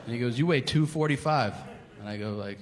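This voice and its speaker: A stand-up comedian with a mid-range voice tells a profane, animated story a little fast, playing both sides of a conversation. It's recorded live in a large hall with long reverb and audience laughter.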